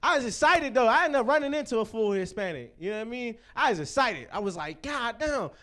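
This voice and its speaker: High-voiced young comedy host. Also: male voice, animated, fast, pushed and bright. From Pittsburgh, USA. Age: 20s. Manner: loose, profane, crowd-teasing banter. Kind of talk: stand-up comedy hosting.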